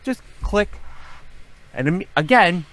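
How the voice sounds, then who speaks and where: A middle-aged man, a podcast guest, telling a story with lots of swearing and dramatic acted-out shouting. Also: high voice, expressive, slow. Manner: profane, dramatic, acts out his own shouting. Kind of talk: animated storytelling.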